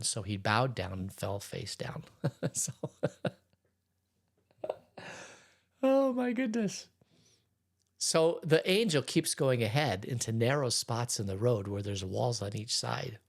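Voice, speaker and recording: A man who is a pastor, giving a relaxed, conversational Bible teaching in church, reading scripture aloud and retelling it in everyday words. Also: medium pitch, creaky.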